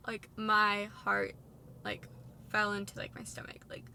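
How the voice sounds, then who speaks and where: A young woman in her twenties telling a personal story in a long, run-on way, full of "like", her voice going soft at hard moments. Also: mid-range voice, monotone, unhurried, creaky. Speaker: vlogger sharing a personal story.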